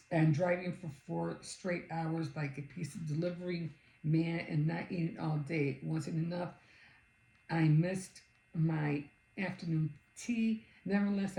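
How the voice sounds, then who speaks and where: A middle-aged woman chats through a meandering story, doubling back with fillers as she goes. Her voice sits on the low side for a woman. The recording carries a noticeable room echo. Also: creaky. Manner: rambling, animated retelling with many fillers. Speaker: vlogger. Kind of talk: casual storytelling chat. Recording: roomy, echoey recording.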